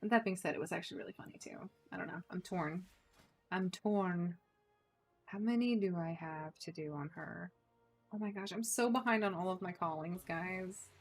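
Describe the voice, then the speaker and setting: A woman chatting casually with her viewers while she plays a game, playful and quick to laugh. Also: fairly low pitch, gravelly, breathy edge, faint music behind. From United States. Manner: chatty, playful, giggly, talks to chat. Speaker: game streamer. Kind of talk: casual chat while gaming.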